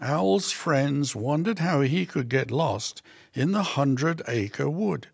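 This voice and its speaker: A man reading a children's picture book aloud slowly and gently, giving the characters small voices. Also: a little high, lively intonation, gravelly, breathy edge, no echo, studio quality. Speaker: storybook reader.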